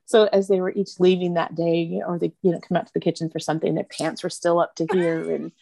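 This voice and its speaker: A woman's voice: fairly low pitch, level tone, fast talker, vocal fry, warm tone, dry recording, clean studio sound. A middle-aged woman telling fond family stories in an interview, often laughing as she talks. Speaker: interview guest. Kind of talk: conversational storytelling.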